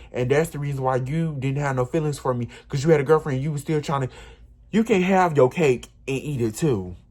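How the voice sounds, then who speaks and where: A man casually telling a personal story, animated and emphatic, often repeating himself. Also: medium pitch. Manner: animated, repetitive, emphatic retelling.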